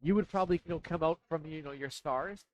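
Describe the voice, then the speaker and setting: A man narrating as dungeon master, talking in a halting way with many fillers and restarts. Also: fairly high pitch, no echo, poor audio. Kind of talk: narrating a tabletop game.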